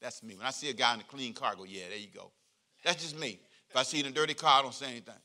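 A male pastor gives a joking, animated, conversational sermon and leads the congregation in call-and-response. His voice is medium in pitch and he talks at a rapid-fire pace.

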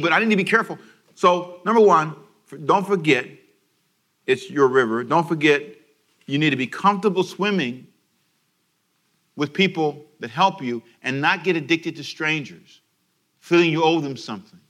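A man's voice: fairly high pitch, a bit bright. A man preaching a radio sermon with lots of energy. He uses call-and-response and acts out little scenes for his listeners. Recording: broadcast radio sermon from a church service.

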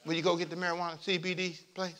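A male pastor preaching a sermon in church, swinging from loud emphatic points to quiet asides and calling on the congregation to repeat after him. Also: sits high, rapid-fire. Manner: lively preaching with call-and-response to the congregation.

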